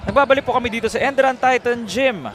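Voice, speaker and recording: Casting note: Filipino man, play-by-play caller, high voice, brisk. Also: fairly bright tone. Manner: brisk, switches between English and Filipino mid-sentence. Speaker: play-by-play commentator. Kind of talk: live basketball commentary.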